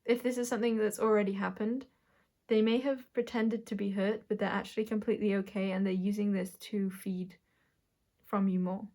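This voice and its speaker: A woman giving a collective tarot reading, musing and halting as she draws cards and talks through what she senses. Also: mid-range voice, steady tone, darkish tone. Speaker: tarot reader.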